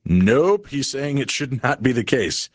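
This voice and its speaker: A man hosting a late-night radio talk show from a studio microphone, speaking in a relaxed, conversational way with casual fillers. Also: mid-range voice, measured pace, no echo.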